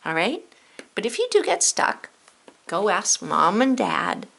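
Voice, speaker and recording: Female teacher, bright gravelly voice, animated and encouraging with young pupils. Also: medium pitch, unhurried. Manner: animated, encouraging, speaks directly to kids. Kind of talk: children's lesson to camera.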